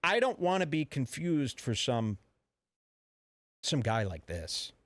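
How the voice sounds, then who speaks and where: A man hosting a radio show, ranting in a brash, mock-serious and deliberately offensive way. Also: medium pitch, big pitch swings, no room sound. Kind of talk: provocative comedic talk radio rant.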